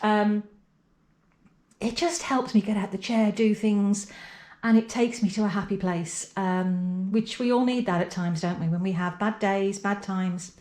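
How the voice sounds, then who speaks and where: A woman's voice: mid-range voice, fairly even intonation, unhurried, echoey room. Chatty woman, unwell and tired. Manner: chatty, rambling, softly emotional. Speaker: pottery vlogger. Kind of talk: casual vlog talk to camera. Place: home pottery studio.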